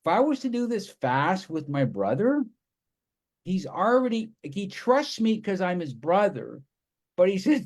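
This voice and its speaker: A man talks to an audience in an enthusiastic, storytelling way. His voice sits a little higher than most men's. He runs through his points with eager energy. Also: sing-song, a little slow, darkish tone. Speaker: presenter. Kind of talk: live presentation to an audience.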